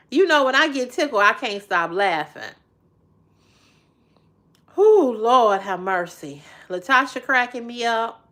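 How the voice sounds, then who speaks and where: A woman's voice: high voice, expressive, a little slow, long pauses. Giggly woman hosting a livestream. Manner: laughs often, exclaims loudly; chatty, teasing, folksy. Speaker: livestream host. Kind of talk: casual livestream chat reading viewer comments.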